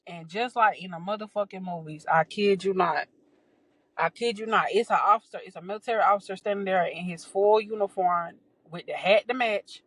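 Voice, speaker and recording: A woman, hosting a podcast and telling a personal story in a casual, animated way, laughing often and acting out the voices of others. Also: mid-range voice, fairly quick, no room sound, low-quality recording. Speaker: podcast host.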